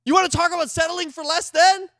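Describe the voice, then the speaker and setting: High-voiced animated male pastor preaching. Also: quick pace, no room sound, clean studio sound. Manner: animated, conversational, swings from loud to hushed. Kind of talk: sermon.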